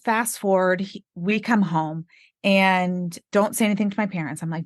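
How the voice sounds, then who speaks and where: A woman's voice: medium pitch, a little fast, no room sound, clean studio sound. A woman in her forties, a podcast guest, telling her story candidly and acting out the lines she quotes with animation. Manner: animated, acts out quoted dialogue.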